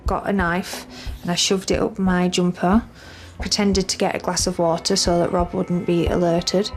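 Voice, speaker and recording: A woman's voice: lowish voice, little pitch movement, moderate pace. British woman recounting a tense memory. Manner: earnest, vivid retelling with quoted inner thoughts. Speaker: interviewee recounting her experience. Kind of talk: documentary interview, first-person account. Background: faint music.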